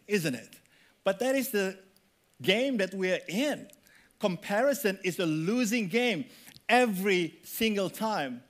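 A male pastor delivering a sermon, animated and conversational, often asking the congregation questions. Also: sits high, normal speed.

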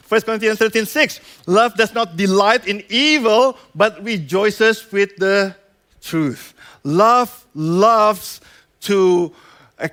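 Guy with a high voice giving a sermon, talks casual, keeps saying right?. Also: fairly bright tone. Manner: conversational preaching with frequent "right?" and "you know"; acts out quoted voices. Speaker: pastor.

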